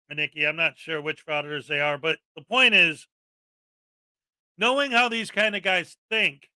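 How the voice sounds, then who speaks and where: A man hosting a commentary show, ranting sarcastically and often shouting in exasperation. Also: sits high, no room sound, studio quality. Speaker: commentary channel host.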